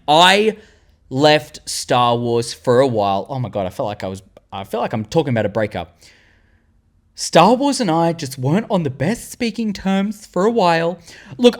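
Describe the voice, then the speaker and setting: A young Australian man in his twenties, hosting a fan tier-list vlog and rambling excitedly with the odd swear word. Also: a little high. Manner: animated, rambling, swearing, loses words mid-sentence. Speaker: channel host.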